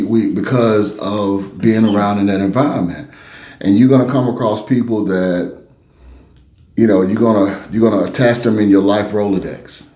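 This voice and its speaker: Deep laid-back sports co-host. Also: male voice, dark tone, reverberant. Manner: laid-back, short replies, teasing. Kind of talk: casual sports and cigar chat.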